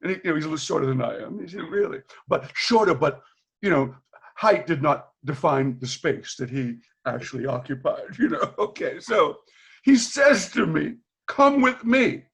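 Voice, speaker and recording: A creaky, husky voice on the high side, at normal speed, belongs to an older retired teacher from Boston. He's a guest on a video call, telling frank stories with animation, playing out the quoted voices and laughing often.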